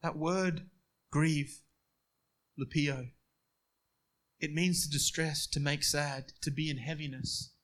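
A man preaching a sermon, moving between quiet storytelling and emphatic passages. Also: fairly high pitch, steady tone, takes it slowly, pauses often.

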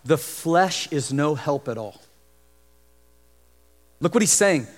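A man preaching a sermon as pastor, lively, acting out the voices of the people he describes. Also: a little high, slow pace. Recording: long hall reverb.

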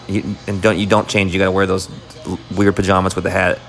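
A man's voice: low voice, level tone, quick pace, creaky, fairly bright tone, faint music behind. A man streaming while watching a baseball game, heckling players with profane, jokey outbursts. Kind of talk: live sports watch-along commentary.

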